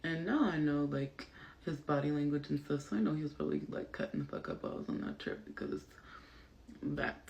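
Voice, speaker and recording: A woman vlogger telling a story casually while getting ready, animated and profane, full of fillers. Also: low voice, fairly quick, creaky.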